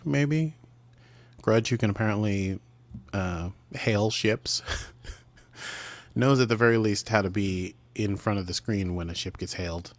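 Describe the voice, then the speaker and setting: A man co-hosting a podcast in casual chat, talking in a playful, rambling way with jokey asides. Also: on the low side. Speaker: podcast co-host.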